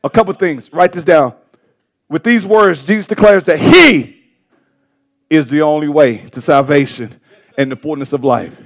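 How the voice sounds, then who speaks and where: A male pastor preaching a sermon with passion, stumbling over words and swinging between loud bursts and soft asides. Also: a little high, normal speed.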